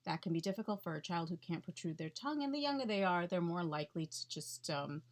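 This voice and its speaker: A woman's voice: on the low side, lively intonation, fast talker. A woman speech-language pathologist explaining techniques in a chatty, instructional way, checking in with the listener often.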